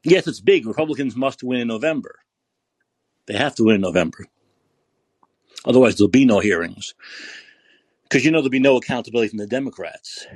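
Angry ranting man, husky voice. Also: medium pitch, no echo. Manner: yelling, profane, repeats rhetorical questions. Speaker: podcast host. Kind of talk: angry political rant.

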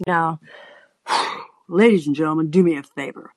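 An older woman, an advice columnist hosting her show, telling a wry, animated story to her listeners with many asides. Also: low-pitched, measured pace, no room sound. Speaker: advice columnist and podcast host.

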